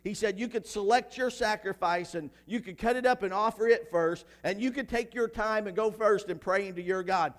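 A man with a high-pitched voice preaches a sermon in a church. He reads scripture quietly, then builds to loud, shouted passages. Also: normal speed, hardly any pauses.

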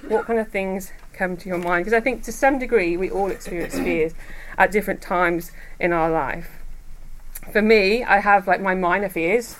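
A woman giving a devotional talk to a women's group, chatty and quick to laugh as she tells personal stories. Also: medium pitch, slight background noise. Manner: chatty, laughs often while telling stories. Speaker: women's ministry speaker. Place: room with a gathered group.

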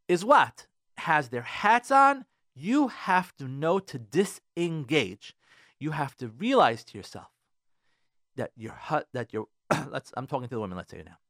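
A man hosting a radio advice show, lecturing listeners in a casual, animated way, repeating phrases and acting out what spouses say. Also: mid-range voice, no echo, studio quality. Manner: animated, repeats himself, acts out spouses' complaints. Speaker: radio show host giving relationship advice.

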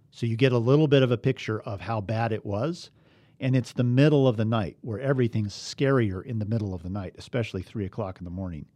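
A man's voice: on the low side, fast talker, dark tone, no echo. A man teaching a bible study, reading scripture aloud and asking his listeners earnest, emphatic questions.

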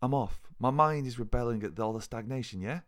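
A man's voice: mid-range voice, brisk, fairly bright tone, no echo, clean studio sound, pitched above the performer's own voice, natural voice. A man voicing a drunk, brash young woman student detective, slurring and rambling in a cocky way. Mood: defiant.

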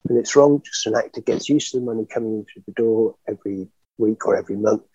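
Older man, husky and animated. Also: on the low side, fast talker, no echo, highs cut off. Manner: chatty, animated storyteller, laughs often, many fillers. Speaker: actor guest. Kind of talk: reminiscing interview.

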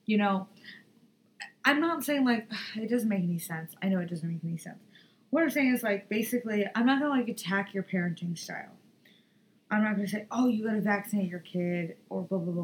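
A woman's voice: medium pitch, poor audio. Young female podcast host, casual and blunt, swears often, rambles, faint background hum. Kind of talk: casual chat.

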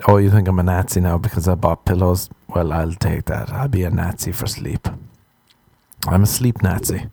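A man's voice: low voice, normal speed, gravelly, dark tone, husky, no echo. A young Irish man hosting a podcast, ranting in a profane, exasperated, sarcastic comic monologue. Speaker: podcast host. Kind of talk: comedic solo podcast rant.

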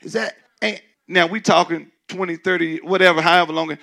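A man preaching a sermon as pastor, in a loose conversational way, who acts out doubters in a shrill mocking voice. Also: brisk, few pauses, bright, forceful tone. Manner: conversational preaching, mimics skeptics in a high squeal.

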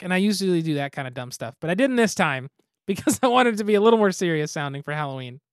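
A man's voice: high-pitched, animated, fast talker, no echo, studio quality. A man co-hosting a podcast in casual chat, easygoing and self-deprecating, laughing often. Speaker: podcast co-host.

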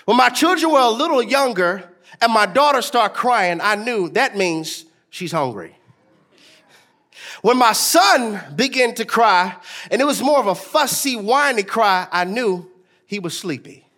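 A pastor in his thirties delivers a sermon directly to the congregation, his preaching swelling into shouts with a sing-song cadence. His voice is high and expressive, at a measured pace.

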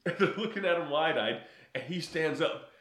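A man's voice: a little high, expressive, moderate pace, a bit bright, reverberant. A man in casual chat recapping a film, laughing often and acting out lines in funny voices.

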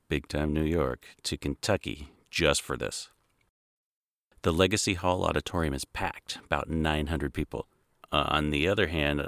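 Male narrator, deep voice, dry close sound, wry and sardonic. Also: no room sound. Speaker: commentator. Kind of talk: video essay narration.

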